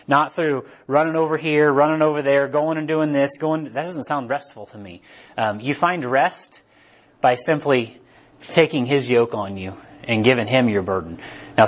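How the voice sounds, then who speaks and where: A man preaching a relaxed, chatty sermon in a mid-pitched voice, often turning to the listeners with "right?". The sound is slightly dull and lo-fi. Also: moderate pace. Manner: conversational, asks "right?" often. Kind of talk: casual sermon.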